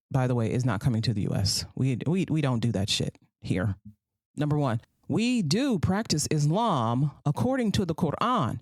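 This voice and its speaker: A woman's voice: low-pitched, a little mellow, dry recording. A woman hosting a solo commentary podcast, sarcastic and profane, who repeats phrases for emphasis and slips into mocking voices. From United States. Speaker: podcast host.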